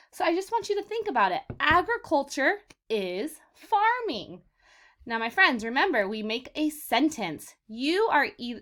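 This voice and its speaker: A woman teacher leading a vocabulary lesson for young children, sounding out words slowly for them to repeat and calling them "my friends.". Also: sits high, a bit bright. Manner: slow, exaggerated word modeling for repetition; encouraging, addresses children as "my friends".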